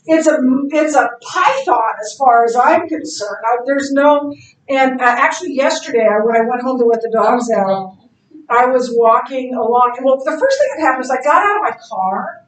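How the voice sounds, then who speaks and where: A middle-aged woman teaching a Bible class in a casual, animated way, telling stories and laughing easily. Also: high-pitched, moderate pace. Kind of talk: casual classroom lecture with anecdotes. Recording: echoey classroom, distant mic.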